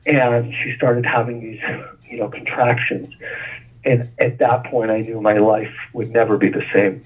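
A man on a call-in radio show tells a painful personal story in a halting way, stumbling and repeating words. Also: mid-range voice, flat delivery, breathy edge. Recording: tinny phone line on radio.

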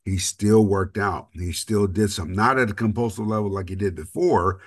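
Deep-voiced man in earnest recovery chat. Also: normal speed. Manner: earnest, rambling with restarts and self-deprecating jokes. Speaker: podcast co-host. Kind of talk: casual recovery talk.

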